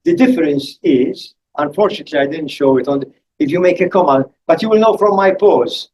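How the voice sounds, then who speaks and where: An older man giving a public academic lecture, speaking deliberately with pauses and spelling out letters one by one. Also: on the high side, a little mellow, slight background noise, poor audio. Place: lecture hall.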